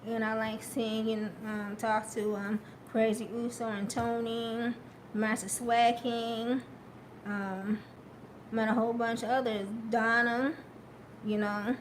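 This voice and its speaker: A woman chatting casually on a live stream, slow and hesitant with many fillers, upbeat and encouraging. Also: a little high, flat delivery, slight background noise.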